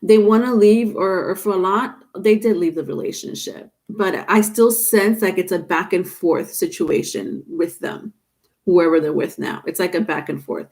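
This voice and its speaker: Reading tarot live, this woman chats easily with her viewers in a slightly mellow, low voice at a normal pace. She reads their comments aloud and calls them honey.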